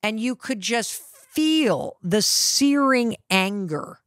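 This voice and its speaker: A middle-aged woman hosting a podcast, telling a personal story in an animated, dramatic way. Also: on the high side, slow pace, hardly any pauses, no room sound, studio quality. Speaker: podcast host.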